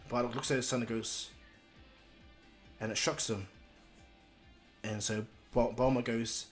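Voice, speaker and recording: A man's voice: mid-range voice, fairly even intonation, normal speed, pauses often, soft background music. A man narrating a fan-made story casually, rambling with many ums and restarts.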